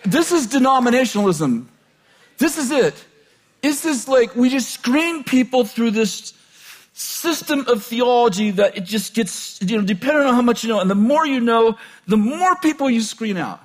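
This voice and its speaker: A man preaching an informal sermon in a conversational way, joking and chuckling often, swinging between loud bursts and low asides. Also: lively intonation, normal speed.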